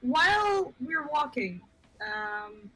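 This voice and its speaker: A woman's voice: high-pitched, sing-song, extremely slow, pushed and bright, faint music behind, rough recording. A woman player in a tabletop game, chatting casually with sassy remarks.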